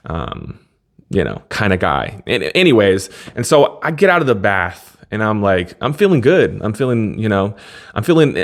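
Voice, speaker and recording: A young man vlogging, telling a long personal story in a loose, rambling way, often stopping and restarting. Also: fairly low pitch. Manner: rambling, self-interrupting, laid-back. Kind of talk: casual monologue to camera.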